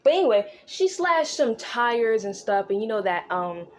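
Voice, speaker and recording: A woman's voice: on the high side, big pitch swings, a little hiss or hum. Slangy young woman recapping a book. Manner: slangy, swears freely, acts out characters' lines in quick asides. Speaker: book vlogger recapping a novel. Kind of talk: casual chatty book recap.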